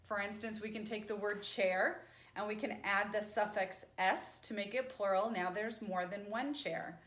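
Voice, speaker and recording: A woman with a medium-pitched, steady, slightly bright voice teaches sign language grammar in a classroom lecture at a moderate pace. She explains things patiently and checks in often with "right?", and the space around her echoes.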